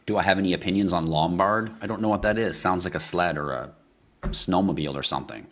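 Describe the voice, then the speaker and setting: A man hosting a livestream, answering chat questions in a ranting style with swearing and sudden bursts of yelling. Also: sits low, fast.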